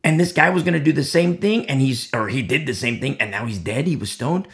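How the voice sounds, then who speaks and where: A man's voice: mid-range voice, expressive, brisk, a bit bright. A man giving an informal sermon who acts out the voices of imagined onlookers as he tells the story. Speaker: Bible teacher.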